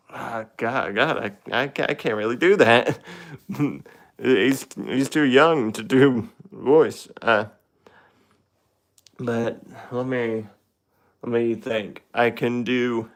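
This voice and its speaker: A man streaming live into his phone, chatting casually in a rambling, hesitant, self-deprecating way. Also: mid-range voice. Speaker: livestreamer.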